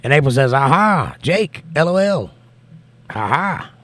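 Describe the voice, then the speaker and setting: A man's voice: a little high, big pitch swings, unhurried, fairly bright tone. A man hosting a livestream, reading viewer comments aloud and answering them in casual chat.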